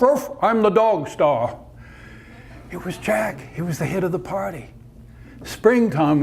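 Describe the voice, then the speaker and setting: A man telling a story aloud in a conversational, unhurried way. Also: a little high, a little mellow, husky. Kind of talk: told story narration.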